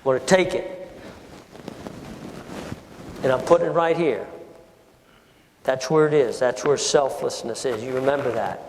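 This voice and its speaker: An older man giving a speech in an auditorium, telling a personal story with animated, emotional shifts. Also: mid-range voice, unhurried, long pauses, a little hiss or hum. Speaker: speaker addressing an audience. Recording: hall reverb.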